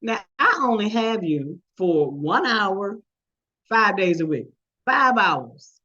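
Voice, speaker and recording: A woman's voice: mid-range voice, big pitch swings, takes it slowly, pushed and bright, dull audio. Older woman presenting an online workshop. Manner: storytelling, acts out quoted voices. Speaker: workshop presenter, retired math teacher. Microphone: video call.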